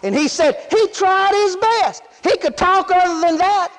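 A man preaching a sermon in a very high voice for a man, folksy and emphatic. He keeps asking the congregation whether they follow him. The sound carries a long reverb, as in a large hall. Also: lively intonation, unhurried, a bit bright.

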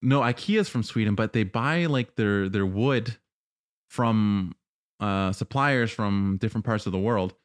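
A man in casual podcast talk, explaining his point in a measured way and walking through examples with some fillers. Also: on the low side, no echo, studio quality. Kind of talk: casual chat.

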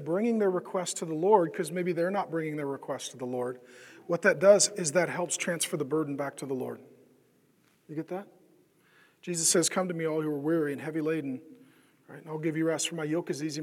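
A man's voice: fairly high pitch, long reverb tail. A man preaching a conversational sermon as pastor, often asking the congregation questions and acting out the voices of the people he describes. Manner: conversational, asks the crowd questions, acts out quoted voices.

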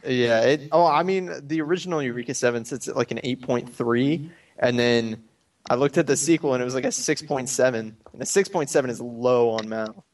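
A young man talks about anime in a loose group chat. He rambles and hesitates, with plenty of fillers and quick laughs. His voice sits at a middle pitch and sounds a little distant from the mic. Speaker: anime podcast co-host.

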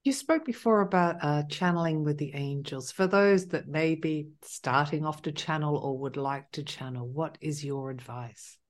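Woman interviewer, kinda low voice, curious questions, laughs at her slips. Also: moderate pace, hardly any pauses.

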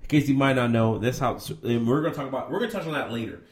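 A man co-hosting a podcast in casual chat, teasing and animated, dramatizing stories with quick asides. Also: mid-range voice. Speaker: podcast co-host.

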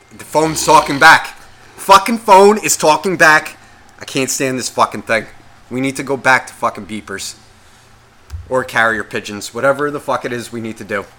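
A man's voice: mid-range voice, normal speed, long pauses. A man co-hosting a podcast, ranting in a profane, comedic way and acting out the voices in his head. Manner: animated, swearing, acts out inner voices. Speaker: podcast co-host.

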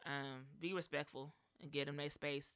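A woman's voice: low voice, steady tone, moderate pace, a bit bright, dry recording. A woman in her thirties co-hosting a podcast in casual chat, blunt and profane, joking often, close to the microphone. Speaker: podcast co-host. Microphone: close studio microphone.

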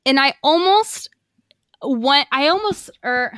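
A woman's voice: high voice, lively intonation, slow pace, fairly bright tone, no room sound, clean studio sound. A woman podcast co-host giving a casual, chatty episode recap, swearing freely and acting out quotes. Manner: chatty, profane, lots of fillers and acted quotes.

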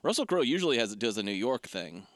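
Rambling man with a lively voice. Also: mid-range voice, fast talker, dry recording, clean studio sound. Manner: rambling, laughing, frequent fillers and restarts. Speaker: podcast co-host. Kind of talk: casual movie review chat.

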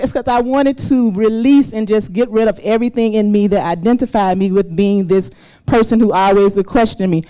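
A woman in her fifties, raised in Mississippi, telling a personal story on stage before a live audience. Her voice is smooth and resonant, at a middle pitch for a woman. She is animated, laughs often and acts out the people she quotes. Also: normal speed, poor audio. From US South, Mississippi.

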